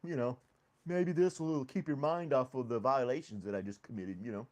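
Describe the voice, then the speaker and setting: A man's voice: medium pitch, normal speed, a little mellow. A man hosting a casual coffee podcast from his home studio, chatty and laughing often as he reads chat and talks to his dog. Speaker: podcast host. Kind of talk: casual live-stream chat. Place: home studio with foam on walls.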